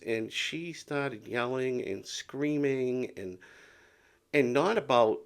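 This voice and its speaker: A man in his fifties talks to his viewers in a loose, rambling way, stumbling over repeated words and sometimes sinking to a whisper. His voice has a gravelly, creaky texture at a middling pitch. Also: lively intonation, slow pace. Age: 50s. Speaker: vlogger with Meniere's disease. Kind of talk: casual talk to camera.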